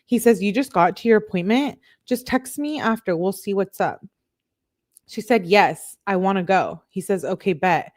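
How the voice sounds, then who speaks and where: A woman's voice: medium pitch, moderate pace. Woman, live-stream host, casual chatter, reads messages aloud, lots of filler words, mid-range voice.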